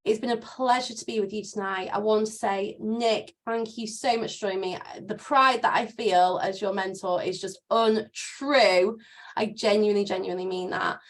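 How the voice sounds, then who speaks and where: A woman's voice: mid-range voice, fairly even intonation, normal speed. Upbeat woman leading an online training. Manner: upbeat, motivational, repeats words for emphasis. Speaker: team trainer and mentor.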